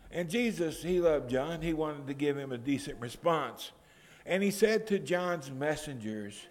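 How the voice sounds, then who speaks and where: A man preaching a sermon in a fairly high voice that rings out in a big hall with long reverb. He retells the story in a storytelling way and climbs to emphatic outbursts. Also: animated, measured pace.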